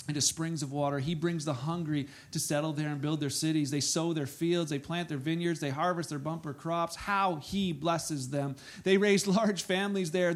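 A man preaching a sermon, reading scripture aloud and breaking into soft asides and loud exclamations. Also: a little high. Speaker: pastor.

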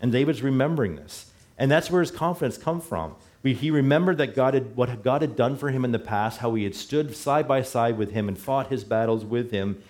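A man's voice: medium pitch, lively intonation, fairly quick, few pauses, a little mellow. A middle-aged man preaching a sermon in a church, talking conversationally and correcting himself as he goes. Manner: conversational, self-correcting, chuckles at slips. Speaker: pastor.

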